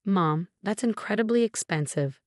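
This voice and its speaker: A woman's voice: medium pitch, lively intonation, moderate pace, darkish tone, no room sound, lightly acted. Woman doing a nervous hesitant young wife, dry sound. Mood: anxious. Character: flustered young wife, timid, anxious.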